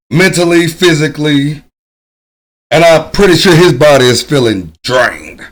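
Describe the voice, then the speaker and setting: A man reacting to a video in casual commentary, his voice at a middle pitch. He talks reflectively, pausing often with ums as he weighs his words. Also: low-quality recording. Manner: thoughtful, hesitant, many ums.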